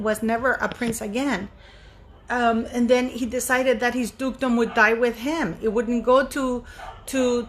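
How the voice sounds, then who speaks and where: A woman with a fairly high voice hosts her own online channel and talks straight to her viewers. She speaks with emphasis, leaning on key words and restating her points. A faint hiss of noise sits under the recording. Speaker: YouTube channel host. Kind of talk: casual commentary monologue.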